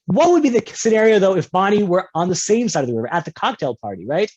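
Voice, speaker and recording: Over muffled, lo-fi video call audio, a rabbi gives an online lecture on Jewish law, playful and full of examples and frequent "right?" check-ins. His darkish voice swings widely in pitch, moves fast with few pauses, and rises higher for quoted speakers.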